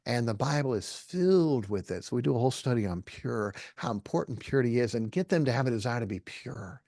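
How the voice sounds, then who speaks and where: A man's voice: mid-range voice, expressive, fairly quick, gravelly, warm tone, dry recording, clean studio sound. A middle-aged man giving an earnest, folksy Christian talk to a live audience, often checking in with "okay?". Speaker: Christian speaker.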